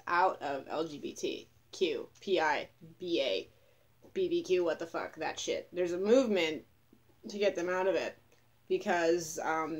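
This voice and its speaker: Tired, sarcastic woman with a low voice. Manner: profane, rambling, sarcastic. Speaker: vlogger. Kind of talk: casual storytelling to camera.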